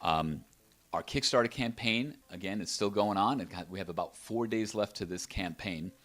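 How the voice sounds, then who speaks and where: Low-voiced man pitching his invention. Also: moderate pace, a bit bright. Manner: enthusiastic, rambling with restarts. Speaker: inventor being interviewed. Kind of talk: casual product interview. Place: apartment.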